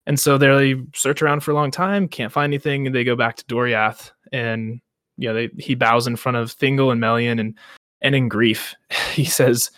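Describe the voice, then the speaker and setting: A man's voice: medium pitch, little pitch movement, normal speed, a bit bright, no room sound, clean studio sound. A young man co-hosting a casual book podcast, retelling the plot with mock quotes and laughs. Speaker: podcast co-host.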